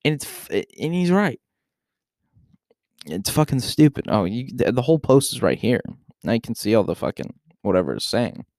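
A man hosting a casual solo podcast, reacting to a news post in a profane, excitable, rambling way into a desk microphone. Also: medium pitch, normal speed, dry recording, clean studio sound. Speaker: podcast host.

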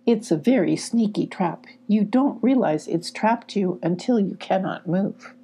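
A woman voicing a shy, frightened young female fox pup in a soft whisper for a storybook. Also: medium pitch, animated, a little slow, breathy edge. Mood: worried.

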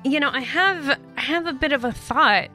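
A woman doing a young dwarf girl in a tabletop game, pitched up high with a bright, forceful tone. She is friendly and chatty and trails off into fillers now and then, with faint music underneath. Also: moderate pace. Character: young female dwarf potion traveler, friendly.

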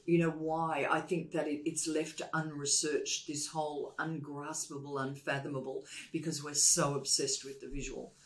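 A woman's voice: deep voice, level tone, normal speed, few pauses. A woman, a communication expert interviewed as a guest, who talks emphatically and repeats points for stress. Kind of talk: conversational interview.

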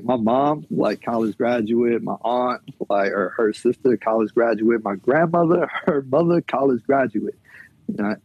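Male podcast guest, relaxed and chatty, slightly raspy, dry and muffled audio. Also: mid-range voice, no room sound. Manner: loose and chatty, many fillers, laughs often. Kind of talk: casual conversational interview.

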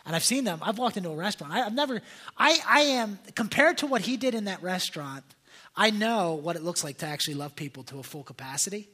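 A young man preaching with a husky, slightly high voice that has a bright, sharp edge. He talks casually to his listeners, full of fillers and restarts as he tells his stories. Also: quick pace. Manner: animated, conversational, many fillers and restarts. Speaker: pastor. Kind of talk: casual sermon storytelling.

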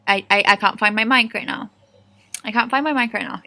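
A woman's voice: mid-range voice, a little fast, vocal fry, bright, forceful tone. A young woman co-hosting a casual podcast chat, playful and teasing her friend. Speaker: podcast co-host.

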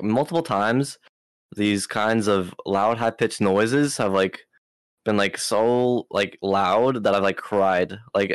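A young man with a lowish voice answers interview questions as a guest, recorded clean with no echo. He's laid-back and rambling, leaning on lots of fillers and easy slang.

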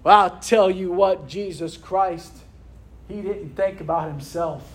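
A man's voice: sits high, a little slow. A man preaching a sermon to a congregation in a room, tossing rhetorical questions out for them to answer.

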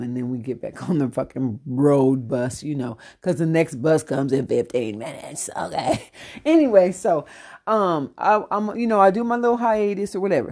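A woman's voice: on the low side, dark tone. A middle-aged woman hosting a dating-coach podcast, delivering a brash, profane comic rant and laughing often.

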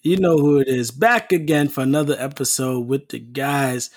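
A man's voice: mid-range voice, moderate pace, hardly any pauses, no room sound, clean studio sound. A man co-hosting a casual podcast, teasing and trash-talking his friends. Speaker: podcast co-host.

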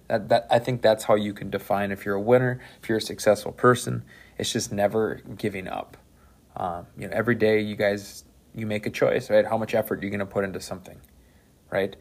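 A man who is a teacher hosting a casual interview, relaxed and encouraging, with lots of "you know" and "right". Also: on the low side. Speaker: teacher and podcast host.

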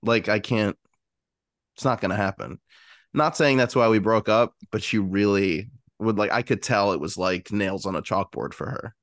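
A man's voice: on the low side, normal speed, a bit bright, dry recording, studio quality. A young man co-hosting a podcast, chatting casually and sometimes putting on a baby-talk voice. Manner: chatty, puts on baby talk for his dog. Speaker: podcast co-host. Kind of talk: casual chat.

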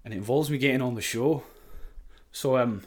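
A man's voice: medium pitch, fairly quick. Young sheffield guy telling a story, swears a lot, laughs easy. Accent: Sheffield English. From England. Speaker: podcast guest. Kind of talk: casual storytelling chat.

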